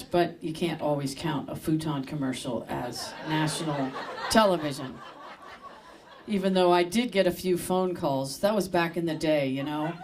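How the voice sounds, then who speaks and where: Hosting a live comedy show in a store, a woman with a low-pitched voice introduces the comedian with rambling, joking asides. It's a casual stage introduction against a noisy background.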